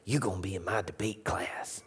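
A man's voice: sits low, brisk, fairly bright tone, breathy edge, pitched below the performer's own voice, exaggerated voice. A man voicing a stern Cajun woman in her sixties, an English teacher speaking in clipped Southern dialect. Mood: stern, quiet. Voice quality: clipped Southern dialect, calls kids young'un.

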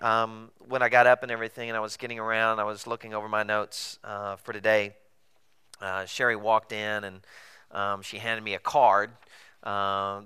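A male pastor delivering a sermon in a conversational, animated way, full of rhetorical questions. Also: lowish voice, clean tone.

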